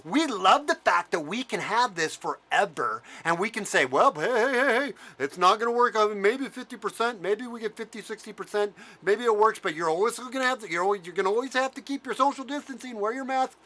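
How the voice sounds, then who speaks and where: A man's voice: sits high, animated, brisk, hardly any pauses, sharp tone. A man mocking a smug scheming official. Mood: gloating. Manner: sarcastic, gloating.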